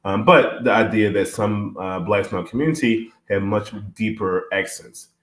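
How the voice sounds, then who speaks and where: A man's voice: lowish voice, moderate pace, fairly bright tone, reverberant. A man talking things over in a casual discussion, thoughtful and full of fillers. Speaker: podcast guest.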